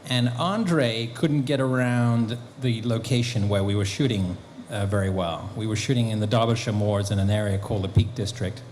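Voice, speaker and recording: A man, a guest actor and author, telling lively anecdotes at a convention Q&A, acting out bits of dialogue. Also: fairly low pitch, normal speed, hardly any pauses, a little hiss or hum. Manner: animated storyteller, acting out quotes. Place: convention hall.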